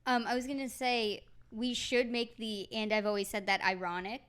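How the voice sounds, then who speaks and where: A woman co-hosting a podcast, reacting with excited, laughing remarks. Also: on the high side, normal speed, smooth. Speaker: podcast co-host. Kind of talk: casual chat.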